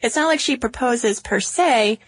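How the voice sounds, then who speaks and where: A woman co-hosting a podcast in casual chat, relaxed and chatty. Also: a little high, unhurried, slightly rough. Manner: chatty, relaxed, many fillers. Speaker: podcast co-host.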